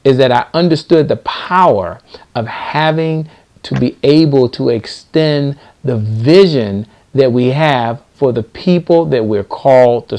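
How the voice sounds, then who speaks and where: A man's voice: mid-range voice, darkish tone. A middle-aged man hosting a live stream, speaking in a preachy, motivational way and repeating key lines for emphasis. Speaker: host.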